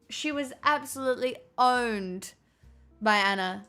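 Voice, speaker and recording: A woman live streamer chatting casually with her viewers in a put-on transatlantic accent, with theatrical, drawn-out delivery and plenty of swearing. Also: on the high side, lively intonation, fairly bright tone, soft background music.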